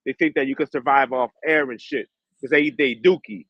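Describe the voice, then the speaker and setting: A man's voice: mid-range voice, fairly even intonation, brisk, breathy edge, no echo, lo-fi sound. A man hosting a livestream, ranting in heated, profane street slang. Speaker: livestream host.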